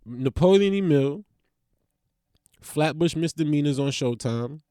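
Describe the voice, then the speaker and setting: A man's voice: on the high side, lively intonation, measured pace, mellow, no echo, clean studio sound. A young man hosting a podcast in loose, profane, rambling casual chat that jumps from topic to topic. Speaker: podcast host.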